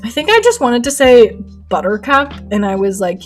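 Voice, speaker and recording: A young woman streaming her painting and chatting with viewers in an excitable, rambling way, laughing often. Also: fairly high pitch, normal speed. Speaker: art streamer. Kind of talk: casual chat while painting live. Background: faint lo-fi music.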